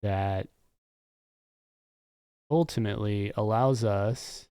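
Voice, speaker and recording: A man's voice: on the low side, slow pace, dark tone, smooth, no room sound, studio quality. A man live-streaming his coding work, talking casually and thinking aloud with muttered asides. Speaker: streamer and game developer.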